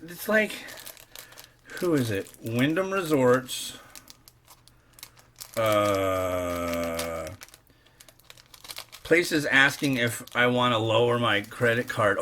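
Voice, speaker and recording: Middle-aged guy rambling slow in his home kitchen, chatty and wry, lots of crinkly noise behind him. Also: medium pitch, animated, bright, forceful tone. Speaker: host. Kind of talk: casual cooking vlog chat. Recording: noisy kitchen with clicks and crinkling.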